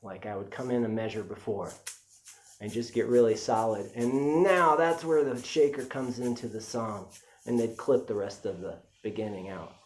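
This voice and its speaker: At a normal pace and medium pitch, this man teaches music in a relaxed, talkative way. He explains technique casually, dropping frequent fillers along the way.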